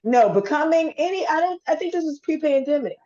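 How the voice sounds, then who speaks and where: A woman's voice: sits high, fairly quick, highs cut off. A woman hosting a podcast, telling stories in casual chat, acting out what people said and swearing freely. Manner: animated storytelling, acts out quotes, swears freely. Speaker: podcast host. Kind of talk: casual conversation, storytelling.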